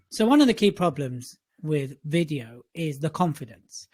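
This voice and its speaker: A man's voice: on the high side, very animated, unhurried, slightly rough. A man co-hosting a podcast who coaches business owners, chatting casually with teasing banter. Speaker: co-host, communication coach.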